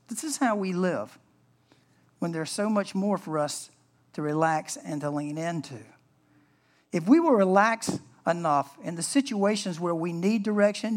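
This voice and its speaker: A man preaching a sermon as pastor in an earnest, conversational way. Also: sits high.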